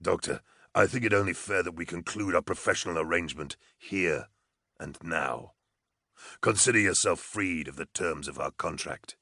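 A man voicing a cold, ruthless male treasure hunter who speaks in low, clipped, menacing tones. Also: normal speed, creaky, sharp tone, breathy edge, no room sound, clean studio sound, exaggerated voice. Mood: coldly menacing.

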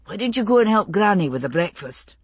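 A woman doing a soft-spoken young man. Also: high-pitched, big pitch swings, brisk, slightly rough, no echo, exaggerated voice. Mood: tactful. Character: gentle Scottish young father, tactful.

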